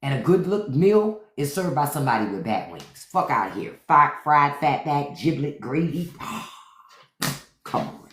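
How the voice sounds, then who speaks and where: Lively man riffing on a livestream. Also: a little high, measured pace, reverberant. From Washington, D.C. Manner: animated, profane riffing. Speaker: podcast host. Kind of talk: casual livestream chat.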